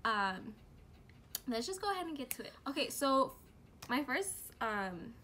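A young woman chats through a casual product review vlog at home, giggly and full of slang. Her voice sits a little high and she takes her time. A faint hiss of room noise sits under her voice. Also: very animated, unhurried, pushed and bright. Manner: bubbly, chatty, giggly, lots of fillers and slang. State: out of breath from heat. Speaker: beauty and lifestyle vlogger.

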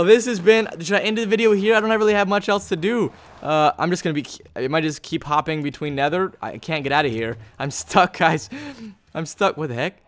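A man giving Let's Play commentary on a sandbox game, excitable and jumping between high squeals and low mutters, talking straight to viewers. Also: smooth. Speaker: YouTuber playing Minecraft.

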